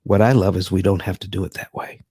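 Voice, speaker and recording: A man's voice: low voice, little pitch movement, quick pace, heavy background noise. A man hosting a live finance stream, talking emphatically in a preacher-like style with dramatic asides.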